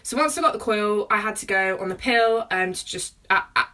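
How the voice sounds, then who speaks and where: Young woman, bright tense voice, nervous and chatty, phone mic set a little away. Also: mid-range voice, a little fast, distant mic. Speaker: vlogger. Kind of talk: personal vlog.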